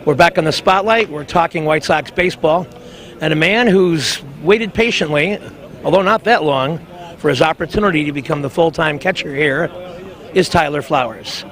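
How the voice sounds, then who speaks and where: A man's voice: on the high side, moderate pace, a bit bright. A man hosting a sports talk show, reading local ads in a chatty, upbeat way.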